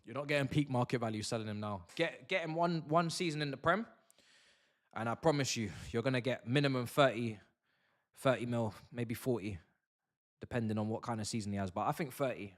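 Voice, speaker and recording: A man's voice: medium pitch, a little fast. A young man chatting through a live football watch-along, full of slang and banter with his chat.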